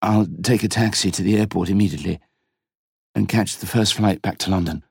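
A man voicing a shaken husband in an audiobook, speaking soothingly and trying to stay calm. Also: deep voice, fairly quick, creaky, husky, no echo, clean studio sound, full character voice.

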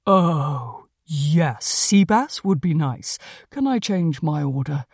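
A woman's voice: low voice, lively intonation, slow, darkish tone, husky, no room sound, exaggerated voice. A woman voicing a dry-witted male talking cat. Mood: droll. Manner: dry, droll, a bit grumpy.

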